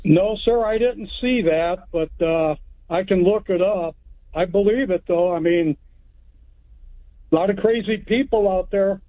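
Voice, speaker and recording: A man's voice: sits high, measured pace, dry recording. A man from Texas calling in to a radio show, telling a story in a plain-spoken, rambling way. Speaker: caller. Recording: tinny phone line.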